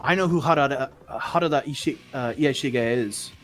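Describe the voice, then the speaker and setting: A man playing a fierce, protective woman in a cyberpunk tabletop game, blunt and commanding and quick to curse. Faint guitar music plays softly behind the voice. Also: medium pitch, lightly acted. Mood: defiant.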